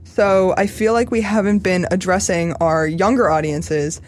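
A woman's voice: fairly low pitch, fairly even intonation, a little slow, a little mellow. A young woman co-hosting a podcast, chatting casually and reading her own children's story aloud with earnest storyteller delivery. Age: young adult. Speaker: podcast co-host.

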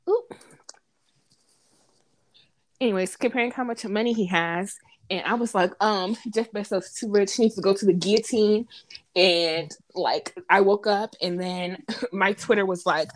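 A woman's voice: medium pitch, no echo. A young woman co-hosting a casual podcast chat, playful and blunt, laughing often. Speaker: podcast co-host.

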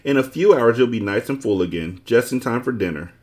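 A man's voice: medium pitch, animated, a little fast, darkish tone, lightly acted. A man voicing a pleased, many-faced male geometric creature in a storybook, cheerfully pedantic. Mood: soothing.

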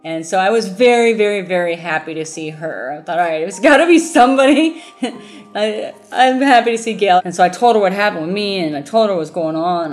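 A woman, the founder of a mobile book bus, telling her story in an interview, animated and laughing as she acts out what people said. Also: on the low side.

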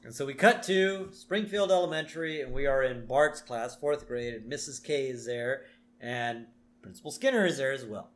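A man co-hosting a podcast, casually recapping a cartoon episode and often trailing off quietly. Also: medium pitch, normal speed. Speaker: podcast co-host.

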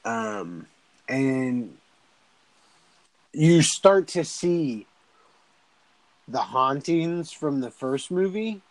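A man's voice: mid-range voice, very animated, extremely slow, pauses often, no room sound, poor audio. A young man casually recapping a movie in a rambling, laid-back way, swearing often.

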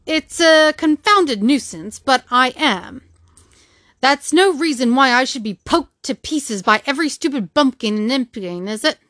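A man's voice: extremely high pitch, lively intonation, measured pace, sharp tone, no echo, studio quality, full character voice. A woman reading the part of an irritable invisible man, scornful and indignant, in an audiobook. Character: irritable invisible man, a sharp-tongued stranger.

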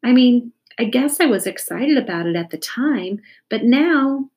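A woman's voice: a little high, animated, unhurried, darkish tone, pitched above the performer's own voice. A woman voicing a nervous young schoolboy who frets and whines in a children's storybook reading. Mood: anxious. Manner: fretful, whiny.

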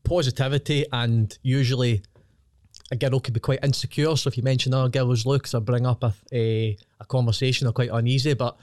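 A man's voice: medium pitch, fairly even intonation, a little fast, a little mellow, dry recording. A young adult man with a Scottish accent, a podcast guest speaking bluntly with dry, sweary humor. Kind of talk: casual chat.

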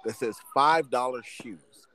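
A man's voice: medium pitch, measured pace, low-quality recording. A man hosting a podcast, telling stories in casual chat and laughing often. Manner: animated storyteller, laughs often. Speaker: podcast host.

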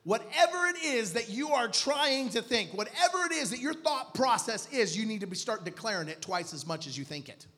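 A man preaching a sermon as pastor, moving from quiet teaching to shouted declarations. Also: very high-pitched, expressive, fairly quick, hardly any pauses, faint music behind. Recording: long hall reverb.

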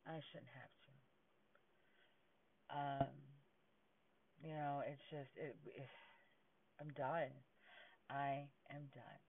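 A man's voice: mid-range voice, steady tone, drawn-out words, vocal fry, long pauses, slight background noise. Man, blunt profane monologue, distant from the mic, phone-like sound. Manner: profane, defiant.

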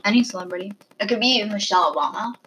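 A woman's voice: medium pitch, racing, a bit bright, a little hiss or hum, poor audio. A teenage girl chatting casually with a friend, rambling and giggling, chewing near the mic. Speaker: friend asking questions. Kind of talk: casual chat.

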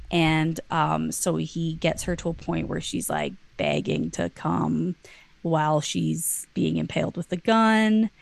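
A woman's voice: deep voice, vocal fry, no echo. A woman co-hosting a podcast, casually summarizing a novel's plot with lots of "like" fillers. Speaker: podcast co-host. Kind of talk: casual book-club chat.

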